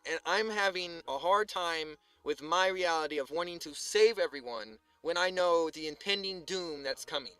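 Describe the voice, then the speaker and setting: Bright-voiced rambling male streamer. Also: a little high, normal speed, few pauses, smooth, no room sound, faint music behind. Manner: rambling, heavy filler words, swearing; swings from subdued to heated ranting. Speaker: live streamer. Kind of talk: casual live-stream monologue.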